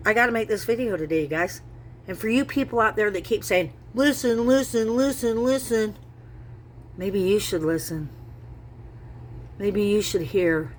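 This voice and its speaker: A woman's voice: mid-range voice, normal speed, a little hiss or hum. A middle-aged woman vlogging at home, speaking earnestly to camera and circling back to the same points. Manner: earnest, repetitive, rambling. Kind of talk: casual talk to camera.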